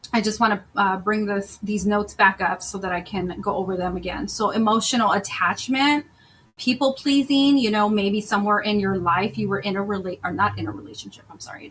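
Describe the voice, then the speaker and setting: Earnest woman self-love coach, bright voice. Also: medium pitch, a little hiss or hum, poor audio. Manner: earnest, conversational, retells stories with quoted voices. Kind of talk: personal monologue on relationships.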